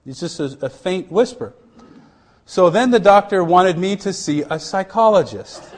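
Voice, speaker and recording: A man's voice: sits high, sing-song, a little hiss or hum. Middle-aged man giving an earnest testimony. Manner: earnest, halting storytelling with many restarts; drops to a hush at tender moments. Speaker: missionary. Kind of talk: personal testimony.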